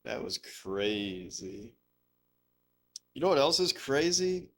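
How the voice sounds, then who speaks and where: His mid-range, slightly bright voice swings widely in pitch as he talks slowly, streaming a game live. The chat is loose and rambling, with swearing, laughter, stories, and playful fake voices.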